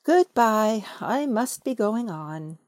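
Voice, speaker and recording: A woman's voice: on the high side, sing-song, takes it slowly, dry recording, clean studio sound. A woman voicing a bumbling, polite, food-loving male teddy bear who stammers and hesitates. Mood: flustered.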